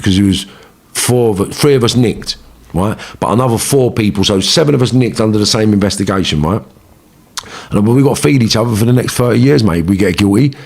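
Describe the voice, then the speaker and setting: Low-voiced London man, swears freely, slangy interview storyteller who gets animated. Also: a little fast. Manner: animated, rising when reliving arguments. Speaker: interviewee telling his life story. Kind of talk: casual storytelling.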